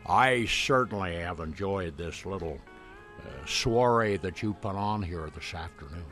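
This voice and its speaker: A man doing an impression of a stiff, formal older male president, speaking slowly and deliberately in a lowered voice. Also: lively intonation, a bit bright, soft background music. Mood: mock formal.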